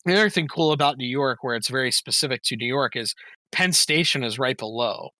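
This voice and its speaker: Bright-voiced man reminiscing casually. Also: mid-range voice, fairly quick, no room sound. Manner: rambling, fond reminiscing with fillers. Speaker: podcast co-host. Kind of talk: casual chat among friends.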